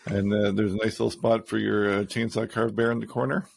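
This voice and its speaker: A man's voice: on the low side, level tone, brisk, vocal fry, husky, no room sound. A man co-hosting a casual podcast, easygoing and teasing, nudging his co-host to talk. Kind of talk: casual chat.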